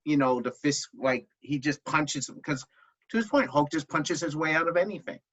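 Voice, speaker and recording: Bright enthusiastic man, lo-fi sound. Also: on the high side, moderate pace, husky. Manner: enthusiastic, lots of fillers. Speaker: podcast co-host. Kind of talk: casual comic book discussion. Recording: dull lo-fi sound.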